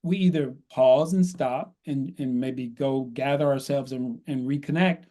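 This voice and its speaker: Mellow man coaching step by step. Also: mid-range voice, a little slow. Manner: explains in numbered steps, often ends with "right?". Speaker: guest coach on workplace conversations. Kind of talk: conversational podcast advice.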